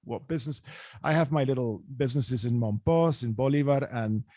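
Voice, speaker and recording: A man's voice: mid-range voice, fairly quick, dark tone, no room sound. A man hosting an interview podcast, chatting casually and rambling, with many restarts as he tells stories. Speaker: podcast host.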